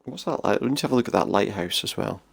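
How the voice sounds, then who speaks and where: A gaming streamer gives casual let's-play commentary on a role-playing game, chatty and thinking aloud as he plays. His voice sits fairly low, gravelly with a breathy edge, and he talks at a quick, animated clip.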